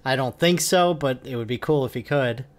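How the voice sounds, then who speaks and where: A man co-hosting a casual podcast, easygoing and hedging his opinions with a halting delivery. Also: mid-range voice. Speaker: podcast co-host. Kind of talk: casual wrestling podcast chat.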